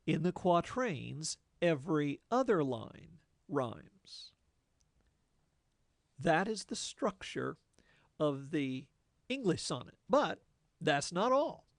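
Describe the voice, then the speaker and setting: A man teaching a lesson on poetic form in a deliberate, plain-spoken way, with folksy asides. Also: on the high side, big pitch swings, gravelly, no echo, studio quality. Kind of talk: lecture explaining poetic form.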